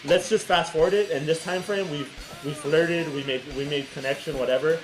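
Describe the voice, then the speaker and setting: Animated man telling a story. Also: on the high side, brisk, music in the background, poor audio. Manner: animated, swearing, laughing storyteller. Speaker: podcast co-host. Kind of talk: casual chat, storytelling.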